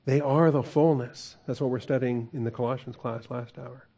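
A man's voice: mid-range voice, steady tone, normal speed, warm tone. A man preaching a conversational verse-by-verse sermon as a pastor, asking the congregation questions and chuckling often.

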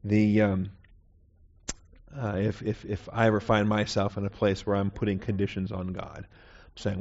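A man's voice: on the low side, fairly even intonation, moderate pace, a little mellow, lo-fi sound. A man teaching a Bible class in a conversational sermon style, often checking in with "okay?". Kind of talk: sermon lecture.

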